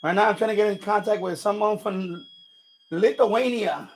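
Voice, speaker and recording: A man's voice: high voice, normal speed. A man talking casually and out of breath on a live stream about his ham radio, laughing to himself as he moves gear around his setup.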